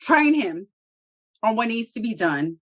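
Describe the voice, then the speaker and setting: A woman co-hosting a review show in casual chat, talking in an animated, profane way and acting out characters' lines. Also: a little high, a little slow. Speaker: TV review podcast co-host.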